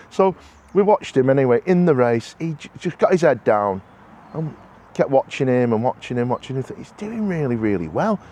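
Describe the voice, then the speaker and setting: A man's voice: medium pitch, darkish tone. A man talking casually to camera in a vlog, rambling and heartfelt, with many restarts and repeated words. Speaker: motorsport club organiser. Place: outdoors at a racing circuit.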